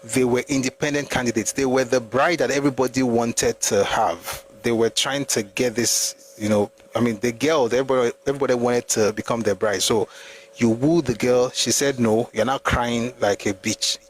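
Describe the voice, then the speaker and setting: A man's voice: medium pitch, fairly even intonation, normal speed, slight background noise, poor audio. A man with a Nigerian accent, hosting a live history talk and arguing his points with rhetorical questions. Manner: argumentative, full of rhetorical questions. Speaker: host.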